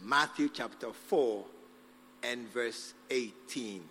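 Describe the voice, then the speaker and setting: A man preaching a sermon as pastor, acting out scenes with sudden shouts. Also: medium pitch, takes it slowly, slight background noise. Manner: animated, acts out scenes, shouts for effect. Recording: long hall reverb with faint music.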